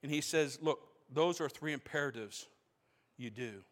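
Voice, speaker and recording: High-voiced preacher in a reverberant hall. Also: male voice, moderate pace, a bit bright. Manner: preaching with rising intensity, repeating phrases for emphasis. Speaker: pastor. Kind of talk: sermon. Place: church sanctuary.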